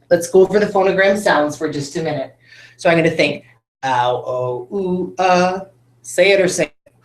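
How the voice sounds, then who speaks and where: Patient male teacher in roomy echo. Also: high voice. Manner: patient, coaxing, with tag questions. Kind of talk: phonics lesson for children.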